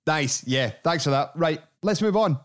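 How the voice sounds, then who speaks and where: A man hosting a podcast interview, upbeat and quick to laugh. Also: fairly high pitch, animated. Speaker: podcast host. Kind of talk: casual chat.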